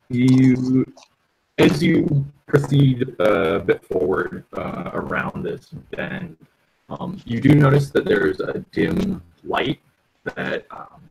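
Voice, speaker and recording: A man running a tabletop game over online voice chat, with a gravelly, creaky voice and lively ups and downs in pitch. He narrates haltingly, filling pauses with ums as he sets the scene. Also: slight background noise, low-quality recording. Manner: halting, many ums, descriptive. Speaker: game master.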